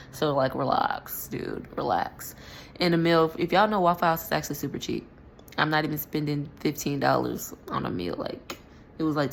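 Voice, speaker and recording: A woman's voice: deep voice, vocal fry, slight background noise. A young woman telling a personal story in a casual, rambling monologue full of fillers and restarts. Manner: rambling, filler-heavy, self-correcting. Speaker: spiritual vlogger.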